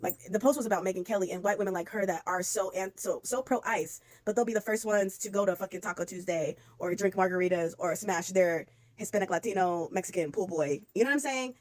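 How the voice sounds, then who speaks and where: A woman delivering a blunt, profanity-laced rant straight to camera. She sits at a middle pitch for a woman and talks with animated exasperation, repeating herself for emphasis and leaning hard on her words. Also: fairly quick. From United States. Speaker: vlogger. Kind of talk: casual commentary rant.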